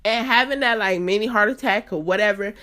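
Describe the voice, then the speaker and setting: A woman's voice: medium pitch, a little fast, bright, forceful tone. A woman in her late twenties with a mid-range voice talks on her own podcast. She speaks earnestly and emphatically, chatty and unscripted, often turning to address her listeners directly. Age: late 20s. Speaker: podcast host. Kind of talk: candid solo podcast talk.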